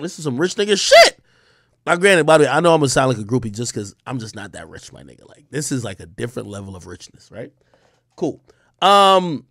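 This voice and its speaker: A man's voice: fairly high pitch, a bit bright, no echo, clean studio sound. A young man from the Bronx, telling a rambling, profane story as a streamer host. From the Bronx, New York. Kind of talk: casual storytelling monologue.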